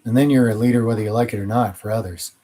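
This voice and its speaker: A man's voice: fairly low pitch, steady tone, racing, dark tone. A man hosting his channel, answering viewer questions in a casual, rambling monologue with blunt opinions.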